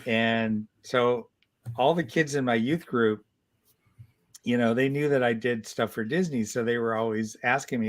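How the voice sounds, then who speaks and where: A man's voice: mid-range voice, measured pace. Man in his sixties telling stories. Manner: animated storyteller, many restarts. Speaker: guest comic artist. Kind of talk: casual storytelling interview.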